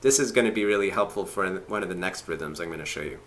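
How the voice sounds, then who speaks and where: A man's voice: low-pitched, animated, fast, heavy background noise. A man teaching didgeridoo technique in a live video chat, explaining step by step and chanting rhythm syllables. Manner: explaining step by step, thinking aloud. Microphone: webcam on a live video chat.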